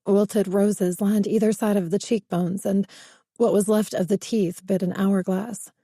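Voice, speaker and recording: A woman narrates a first-person thriller audiobook, building suspense at an even pace. Her voice is dark and mellow and sits at a middle pitch. The recording is close and dry. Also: a little slow, no echo.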